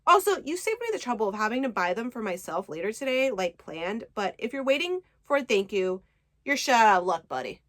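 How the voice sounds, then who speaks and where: A woman voicing a snarky, sharp-tongued young woman who swears and snaps sarcastically while she retells a book. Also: fairly high pitch, sing-song, brisk. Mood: indignant. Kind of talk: book summary with acted quotes.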